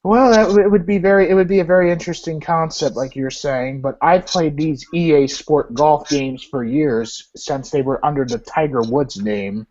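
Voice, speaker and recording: A man's voice: a little high, normal speed, hardly any pauses, a little mellow. Man, guest on a video chat, easygoing, repeats himself, muffled lo-fi sound. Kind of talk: casual live video chat. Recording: muffled lo-fi webcam audio.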